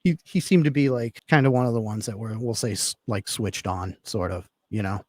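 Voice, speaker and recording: A man's voice: lowish voice, brisk, no echo, studio quality. A man telling a long personal story in casual talk, rambling with lots of fillers. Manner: rambling, filler-heavy, laid-back. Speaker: podcast guest telling a story.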